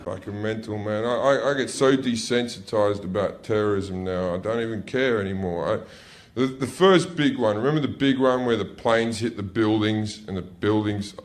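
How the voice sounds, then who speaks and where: A middle-aged man performing a stand-up comedy routine on a comedy club stage, brash and profane, with sudden shouted outbursts. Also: fairly low pitch, moderate pace.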